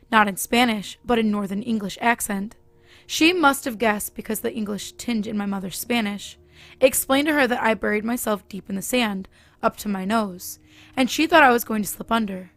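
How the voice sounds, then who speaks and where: A woman narrating a scripted horror story in a steady reading manner. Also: fairly high pitch, normal speed, no room sound.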